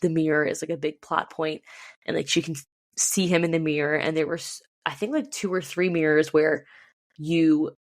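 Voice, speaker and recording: A young woman with a slightly low voice talks eagerly into a podcast mic, filling her sentences with ums and likes. The sound is close and dry, with no room around it. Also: steady tone, moderate pace, dry recording. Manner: chatty, many ums and likes, enthusiastic. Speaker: podcast co-host. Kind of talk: casual chat.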